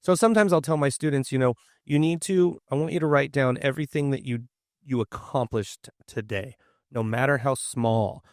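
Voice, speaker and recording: Male podcast co-host, earnest and encouraging, mid-pitched voice, dry close mic. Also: moderate pace, no room sound. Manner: earnest, encouraging, explains at length. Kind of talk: casual conversational podcast chat.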